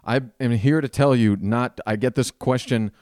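A man voicing an exasperated male customer service rep who is losing his patience and shouting. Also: mid-range voice, moderate pace, smooth, dry recording, studio quality, voice pushed up, lightly acted.

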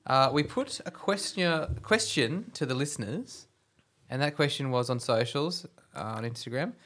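A man's voice: medium pitch, animated, moderate pace, a bit bright. A man hosting a dads' podcast, casually plugging socials and steering the discussion. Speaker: podcast host. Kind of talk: casual chat, leading the discussion.

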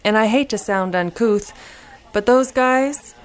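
A woman's voice: fairly high pitch, measured pace. A woman from Alberta, reciting rhyming cowboy poetry in a folksy drawl. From Alberta, Canada. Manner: folksy drawl, dropping g's, voicing characters. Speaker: cowboy poet.

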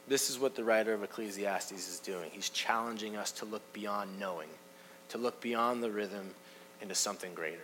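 A man preaching a sermon in a conversational way, talking straight to the congregation and swinging from loud emphasis to hushed asides. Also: fairly low pitch, fairly quick. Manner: conversational, addresses the congregation directly. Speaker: pastor.

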